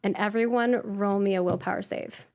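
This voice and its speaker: A woman's voice: mid-range voice, fairly even intonation, normal speed, gravelly, a little mellow. A woman running a tabletop game as game master, describing the scene in a rambling, cheerful way full of ums and likes.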